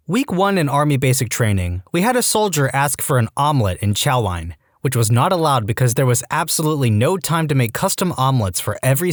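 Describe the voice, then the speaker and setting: Lively, animated male story narrator. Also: fairly high pitch, dry recording, studio quality. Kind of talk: scripted narration of reddit stories.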